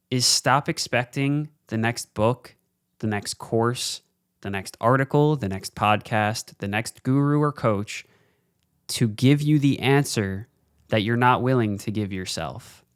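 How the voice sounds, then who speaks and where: A man with a smooth, resonant voice talks into a studio mic, recorded close and dry with no room sound. He gives a blunt, casual motivational monologue as a podcast host, swears freely, and slows right down to press his points. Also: mid-range voice, no room sound. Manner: slows down for emphasis. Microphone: studio mic, facing camera.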